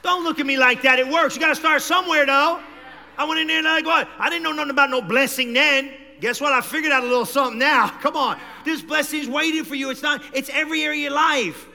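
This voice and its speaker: High bright-voiced preaching man, hall echo. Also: quick pace, gravelly. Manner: animated preaching, swings from low talk to shouting. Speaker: pastor. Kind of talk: sermon. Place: church hall.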